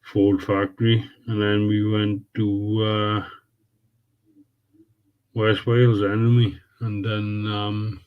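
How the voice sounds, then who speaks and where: Deep flat-voiced man chatting on a livestream. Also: slow, clean tone, muffled recording. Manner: laid-back, swears freely, calls viewers mate and bud. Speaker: livestream host. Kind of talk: casual live chat with viewers.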